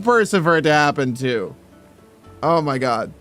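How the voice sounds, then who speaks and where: A streamer chats casually on his livestream in a slightly high, a bit bright voice at a moderate pace, with soft music in the background. He stammers, restarts, swears, and thinks out loud while tweaking his mic sound.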